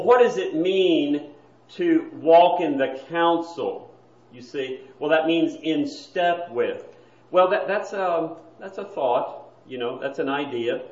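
A man teaching a Bible class from a chart, patient and explanatory, often repeating his words. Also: fairly high pitch. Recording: roomy, dull lo-fi recording.

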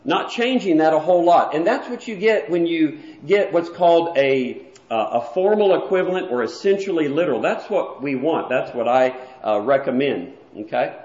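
Guy preaching a lesson, kinda high voice, echoey church room, muffled old recording. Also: lively intonation, normal speed, darkish tone. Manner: plain, explanatory, walks through a chart. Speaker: preacher teaching a Bible class. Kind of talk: explanatory sermon lesson.

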